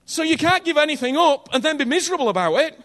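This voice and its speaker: A man's voice: very high voice, sing-song, fast talker, a bit bright. A man preaching a sermon in a conversational, earnest way, often checking in with his listeners and repeating phrases for emphasis.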